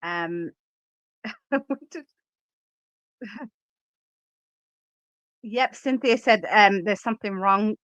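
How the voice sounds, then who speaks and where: A woman's voice: mid-range voice, animated, very slow, long pauses, a bit bright, no echo. A woman hosting a casual livestream, giving opinionated, emphatic commentary and reading out chat comments. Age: adult.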